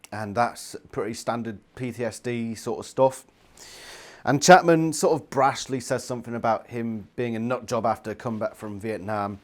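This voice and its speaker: A young man giving a casual book review, ranting and swearing constantly in exasperation. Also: mid-range voice.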